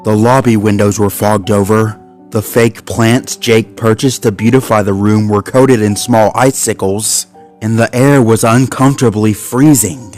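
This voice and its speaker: A man narrating a suspenseful animal story in a measured, scripted way. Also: lowish voice, fairly even intonation, darkish tone, soft background music.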